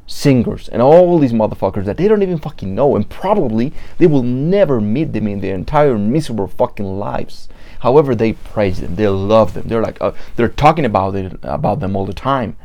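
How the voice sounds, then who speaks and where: Mexican-accented man, dark mellow tone. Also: lowish voice, lively intonation, fairly quick. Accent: Mexican Spanish. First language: Spanish. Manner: profane, repetitive restarts, acts out quoted people. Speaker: podcast host. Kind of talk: casual monologue.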